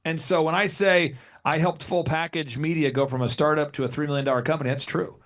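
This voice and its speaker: A man's voice: fairly high pitch, fast. A man in his forties, a business consultant guest on a podcast interview, telling stories energetically and acting out what others said. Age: 40s. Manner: energetic storyteller who acts out quotes.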